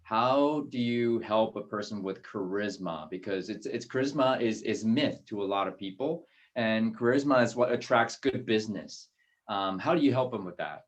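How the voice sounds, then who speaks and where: A man hosting an interview on a video call, chatty and relaxed, with plenty of ums and restarts. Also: fairly low pitch, moderate pace, dull audio. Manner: relaxed, many fillers and restarts. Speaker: host. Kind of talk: casual interview.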